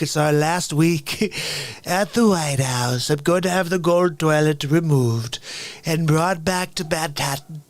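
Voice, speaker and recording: A man doing a comedic impression of a boastful, pompous male president who rambles in a slow, drawn-out way. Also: a little high, no room sound.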